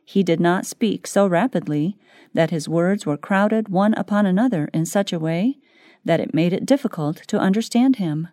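A woman reading a devotional book aloud in scripted narration, slow and measured. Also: lowish voice, warm tone, dry recording, clean studio sound. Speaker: audiobook reader.

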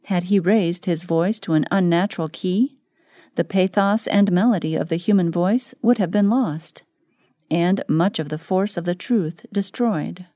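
A woman reading a devotional book aloud in scripted narration, slow and measured. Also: fairly low pitch, warm tone, no room sound, clean studio sound. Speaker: audiobook reader.

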